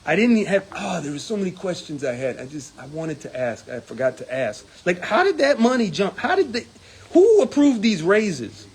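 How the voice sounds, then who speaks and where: Heated union man reporting, voice leaping high. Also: very animated, normal speed, husky. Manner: indignant, gets heated and rises in pitch when angry; hesitant with numbers, many ums and uhs. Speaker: union executive board member. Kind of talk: casual report to viewers.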